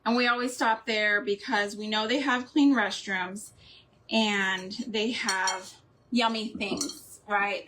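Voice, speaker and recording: A woman speaks slowly in a slightly high, fairly bright voice, with a little hiss or hum in the audio. She's a middle-aged host of a craft and homemaking channel, chatting casually while she works, rambling, laughing often, and answering live chat.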